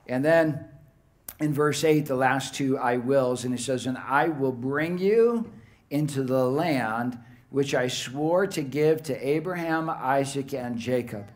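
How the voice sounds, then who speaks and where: A man preaching a verse-by-verse Bible teaching sermon, stressing key words by slowing down and often repeating phrases as he explains. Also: mid-range voice. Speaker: pastor.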